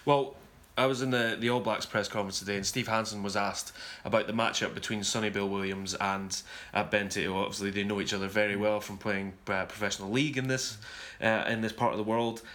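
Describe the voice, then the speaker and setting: A man hosting a rugby discussion, talking in a measured, thoughtful way and sometimes correcting himself mid-sentence. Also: on the low side, steady tone, a bit bright. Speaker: rugby podcast host. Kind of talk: casual sports discussion. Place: touring abroad covering a series.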